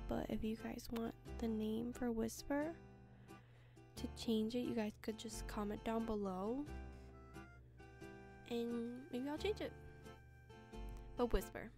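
High-pitched, chatty young woman gaming. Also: dark tone. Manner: chatty, giggly, talks to her viewers. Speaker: gaming video creator. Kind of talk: casual gameplay commentary. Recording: music playing under the voice.

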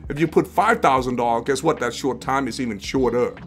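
A man with a mid-range voice hosts an investing livestream a little quickly, soft music playing in the background. His style is casual and rambling: he restarts sentences, repeats phrases, and throws out rhetorical questions.

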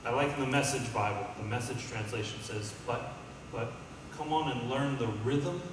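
A man's voice: medium pitch, moderate pace, background noise. A man preaching a sermon as pastor, calling out to the congregation and building to emphatic peaks. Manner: call-and-response, rising to emphatic peaks. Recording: echoey hall from far off.

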